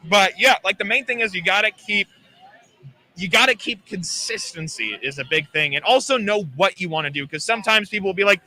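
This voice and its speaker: A man's voice: high voice, lively intonation, fairly quick, bright, forceful tone. A man who works as a voice actor, chatting in a laid-back, easygoing way as a guest on a live interview at a gaming expo. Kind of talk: casual interview chat.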